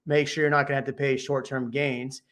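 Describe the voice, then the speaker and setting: A man's voice: mid-range voice, level tone, a little fast, a bit bright. A man hosting a casual chat show, giving real estate advice in a laid-back, joking way, thinking aloud and restarting his sentences. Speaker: real estate agent and podcast host.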